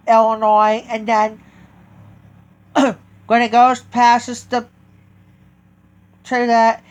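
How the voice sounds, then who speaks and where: Slow, halting man with a smooth voice. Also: very high-pitched. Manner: halting, with many restarts and self-corrections. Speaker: train video vlogger. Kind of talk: casual vlog talk.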